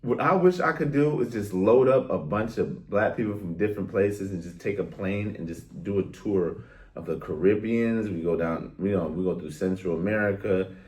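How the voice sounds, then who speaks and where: A man's voice: lowish voice, moderate pace, darkish tone. A young man ranting bluntly to his viewers in a casual, exasperated way, full of street slang. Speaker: vlogger. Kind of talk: casual rant to camera.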